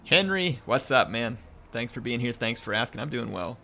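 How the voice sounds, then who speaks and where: A man's voice: mid-range voice, animated, moderate pace, vocal fry, bright, forceful tone, slight background noise. A man casually commenting on a strategy game during a live stream, chatting with viewers and reading their messages aloud. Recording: music playing under voice.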